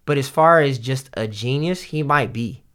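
A man in a casual chat about hip-hop, talking in a rambling, halting way with many restarts and fillers. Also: mid-range voice, a bit bright, smooth.

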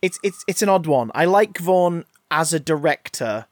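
A man co-hosting a podcast, chatting casually about a film, animated and swearing freely as he acts out scenes. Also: on the high side, moderate pace, dry recording. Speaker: podcast co-host. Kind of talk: casual film review chat.

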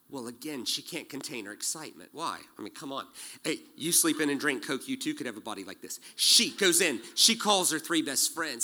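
A man in his forties preaching a sermon, animated and joking, acting out quotes as he tells stories. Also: mid-range voice, moderate pace. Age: 40s. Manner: animated storytelling with jokes and acted-out quotes. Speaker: pastor.

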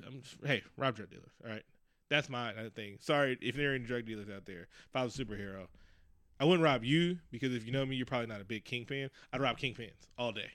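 A man's voice: mid-range voice, a little fast, sharp tone, clean tone, dry recording, studio quality. A man co-hosting a casual movie chat, ranting profanely and acting out mock quotes. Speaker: podcast co-host.

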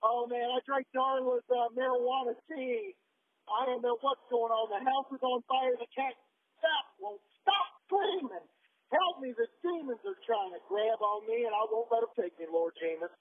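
A man's voice: high voice, big pitch swings, unhurried, breathy edge, heavily acted. A man playing a frantic, breathless small-town gossip rambling into a voicemail, stammering and out of breath. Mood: panicked. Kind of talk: comic voicemail sketch. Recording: tinny phone-line voicemail.

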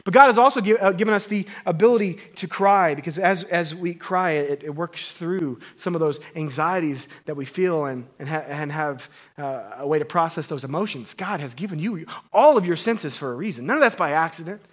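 A man, a pastor in his thirties, preaching a sermon in a casual, playful way that swings between loud emphasis and hushed tones. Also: a little high, fairly quick, hardly any pauses.

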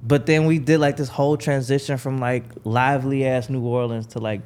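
A young man from Chicago, a podcast guest, telling stories in casual chat and acting out the people he quotes. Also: normal speed. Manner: animated storyteller, acts out quoted people in a higher voice.

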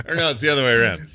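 Bright-voiced laid-back male podcast host. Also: mid-range voice, dry recording. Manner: laid-back, joking, talks while snacking. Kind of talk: casual chat.

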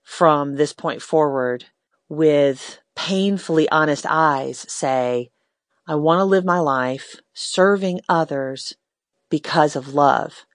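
A woman's voice: sits low, slow pace, no echo. A middle-aged woman hosting a talk show, speaking in a heartfelt, reflective way and sounding close to tears. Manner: heartfelt, reflective, a bit emotional. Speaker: radio host. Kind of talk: casual faith-based talk.

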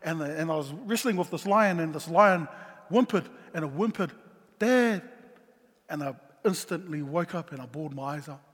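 A middle-aged man telling a personal story about being a father, earnest and halting, with many ums and restarts. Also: on the high side, fairly bright tone, breathy edge, big-room sound. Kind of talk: personal testimony talk.

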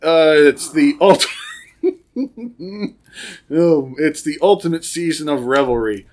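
A man's voice: fairly high pitch, expressive, slow. A man co-hosting a casual podcast, reviewing a beer and laughing often between his lines. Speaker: podcast co-host.

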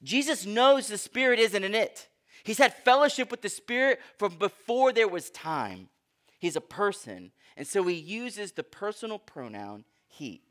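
A pastor with a high-pitched voice delivers a teaching sermon to his congregation. He speaks in an engaging, teacherly way, checks in with his listeners, and reads scripture aloud with emphasis. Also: very animated, measured pace, a bit bright.

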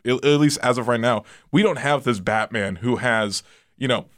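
A man's voice: medium pitch, moderate pace, fairly bright tone, no echo, studio quality. A man chatting casually about a movie, rambling with lots of fillers and restarts.

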